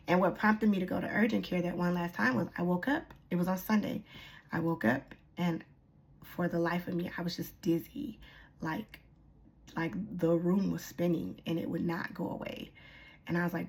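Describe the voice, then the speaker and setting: Candid woman with a gravelly voice. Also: lowish voice, steady tone, fairly quick. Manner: candid and chatty, many fillers. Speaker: vlogger. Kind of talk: casual personal vlog. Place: lives on a military post.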